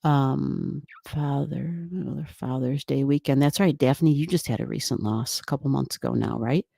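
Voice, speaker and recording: A woman's voice: extremely low pitch, normal speed, vocal fry, mellow, dry recording, studio quality. A woman hosting a casual livestream from home, rambling with many restarts and reading viewer comments aloud. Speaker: livestream host. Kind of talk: casual live-stream chat. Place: home room.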